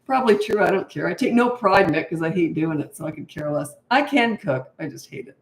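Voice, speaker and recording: A woman's voice: lowish voice, animated, fairly quick. Chatty older woman in an echoey room. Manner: chatty, frank and laughing easily. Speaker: parenting coach. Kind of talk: answering interview questions. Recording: roomy echo.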